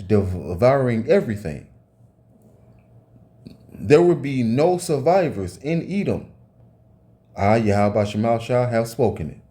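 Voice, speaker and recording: A man's voice: medium pitch, mellow. A man giving an informal sermon, reading scripture aloud and ranting between passages, swearing often and ending phrases with "man". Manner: profane, tags phrases with "man", rereads and corrects himself. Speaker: preacher.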